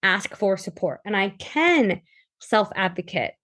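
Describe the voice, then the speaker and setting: A woman in her thirties from New York with a New York accent, a guest in a casual interview, talking in animated bursts with quick restarts. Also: mid-range voice. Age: 30s. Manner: animated, talks in bursts with restarts and quoted asides.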